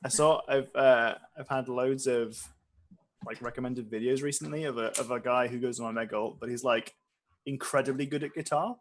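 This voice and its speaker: A man acts as game master, narrating a tabletop game in a playful way and laughing easily. His voice is medium-pitched with fairly even intonation, and there's a little hiss or hum.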